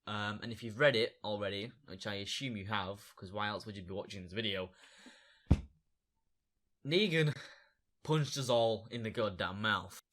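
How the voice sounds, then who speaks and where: A young man chatting excitedly and casually as he reviews a comic book issue for his viewers. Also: lowish voice, moderate pace, pauses often. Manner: excitable, chatty, fan enthusiasm.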